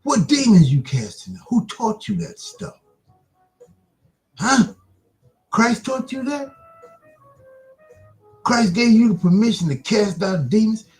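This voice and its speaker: A man hosting an online broadcast, delivering an impassioned religious monologue with rapid-fire rhetorical questions that taunt the listener. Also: high voice, very animated, faint music behind.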